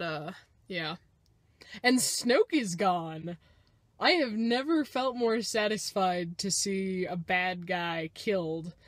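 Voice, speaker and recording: Young woman rambling excitedly about a movie she just saw, kinda high voice, swears a lot, jumps from yelling to mumbling, bit out of breath. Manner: swearing, excitable, swings between loud outbursts and low mutters. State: winded. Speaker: vlogger. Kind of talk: casual movie reaction rant.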